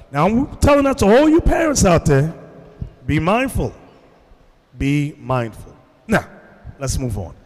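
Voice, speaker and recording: New preacher guy, high lively voice, acts out the people in his stories, big echoey hall. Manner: animated storytelling, acts out voices. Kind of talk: sermon. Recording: long hall reverb.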